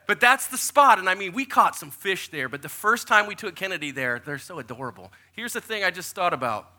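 A man in his forties, a pastor giving a sermon full of lively, joking personal stories. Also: high voice, brisk. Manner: animated, jokey storyteller who acts out quotes.

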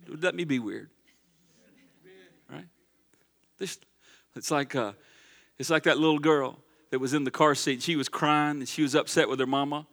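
A male pastor preaching a sermon in a church, swinging between loud urging and hushed asides. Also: fairly high pitch. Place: church sanctuary.

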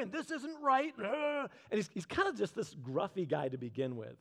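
A man preaching a sermon in a conversational way, asking the audience questions and slowing down low on key phrases. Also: huge pitch swings, fairly bright tone.

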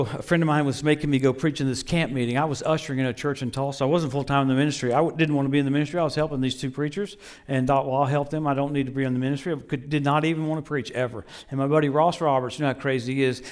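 A middle-aged man preaching a sermon, telling stories with lively swings between loud bursts and low murmurs, laughing often. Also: fast, hardly any pauses. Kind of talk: sermon with storytelling.

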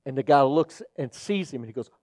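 A man's voice: mid-range voice, lively intonation, fairly quick, darkish tone, no room sound, studio quality. A man preaching as a pastor, telling stories earnestly and acting out the people in them. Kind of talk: sermon with personal storytelling.

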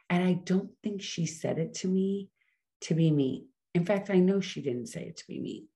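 A middle-aged woman talking fast and casually in a solo podcast monologue, often correcting herself as she goes. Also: fairly low pitch, warm tone. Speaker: podcast host.

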